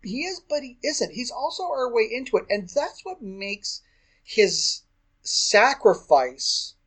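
A man's voice: extremely high pitch, slightly rough. Enthusiastic man co-hosting a podcast. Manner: animated and enthusiastic, with quick asides and laughs. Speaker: podcast co-host. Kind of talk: casual chat.

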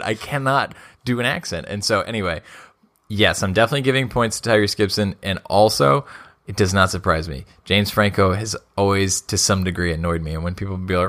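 Opinionated low-voiced man, quick to laugh. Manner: opinionated, laughs often, lively asides. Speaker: podcast co-host. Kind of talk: casual chat.

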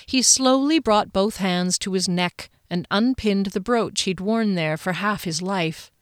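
A woman narrates a fantasy novel with measured, even storytelling. Her voice sits at a middle pitch for a woman. The recording is close and dry with no room sound. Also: dry recording. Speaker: audiobook narrator.

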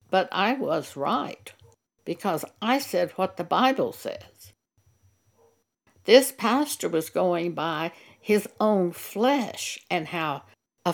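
An older woman giving a sermon, reading scripture and speaking in a slow, deliberate, firm and emphatic way. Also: fairly low pitch, creaky. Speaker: Bible teacher.

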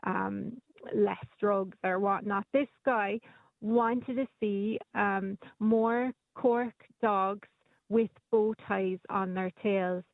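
A woman's voice: medium pitch, fairly even intonation, extremely slow, vocal fry, dry recording. A woman telling local stories as a radio guest, chatty, with plenty of ums and restarts. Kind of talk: casual radio chat. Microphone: phone. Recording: phone line.

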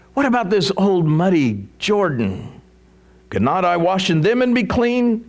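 A man delivering a sermon in a notably high voice. His pitch leaps and dips constantly as he tells the story. He raises his voice to act out the story's characters. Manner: animated, dramatic swings in pitch and loudness. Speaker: preacher.

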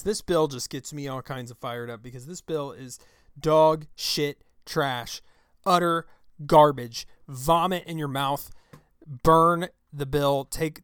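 A man hosting his own talk show, delivering an angry, profane political rant into a close microphone, with shouted outbursts. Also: fairly high pitch, clear, resonant tone, no room sound. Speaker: show host. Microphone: close studio mic.

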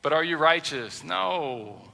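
Bright-voiced male preacher. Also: fairly high pitch, slow pace, vocal fry. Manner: animated storytelling, acting out everyday scenes. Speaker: pastor. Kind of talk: sermon. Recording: long hall reverb, faint music.

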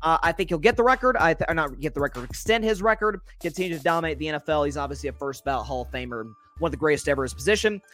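A man's voice: fairly high pitch, very fast, few pauses, a bit bright, faint music behind. A man hosting a solo sports podcast, rambling through his game picks with many fillers and self-corrections.

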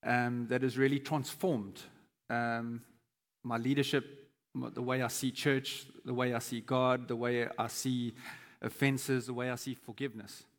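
A man's voice: medium pitch, flat delivery, unhurried. A chatty pastor man in a reverberant hall. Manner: conversational, hesitant with many fillers and restarts. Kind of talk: sermon. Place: church.

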